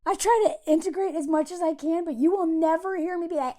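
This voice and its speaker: A woman's voice: very high-pitched, fairly quick, hardly any pauses, warm tone. A woman giving casual, sarcastic video commentary, exasperated and mocking as she talks. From United States. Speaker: commentary vlogger.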